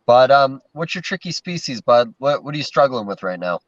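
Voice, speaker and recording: A man's voice: mid-range voice, sing-song, brisk, dry recording. A male podcast host chatting loosely, swearing and filling his speech with "um, you know.". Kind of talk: casual chat. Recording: dull, muffled lo-fi sound.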